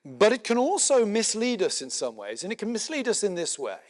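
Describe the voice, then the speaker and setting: A middle-aged man giving a conference lecture in a measured, explanatory way, with frequent filler words and dry asides. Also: high voice, wildly swooping pitch. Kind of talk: spoken lecture. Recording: long hall reverb.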